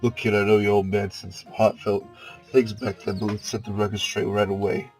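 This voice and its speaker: A man voicing a cynical, greedy male talking magic bag in a put-on New York or Boston accent, with gruff tough-guy talk. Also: on the low side, flat delivery, brisk, darkish tone, faint music behind, close to an everyday voice, poor audio. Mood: sardonic.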